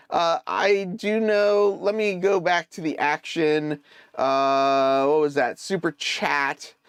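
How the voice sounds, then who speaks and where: Slow, clear-voiced man chatting on stream. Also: on the high side, no room sound, studio quality. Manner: thinks aloud while troubleshooting, answers viewer chat; hesitant, many fillers and restarts. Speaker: live-stream host. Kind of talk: casual live-stream chat.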